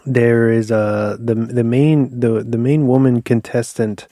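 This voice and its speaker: A man's voice: medium pitch, fairly even intonation, takes it slowly, mellow, no echo. A man co-hosting a podcast, rambling through a casual film review and searching for words as he goes. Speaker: podcast co-host.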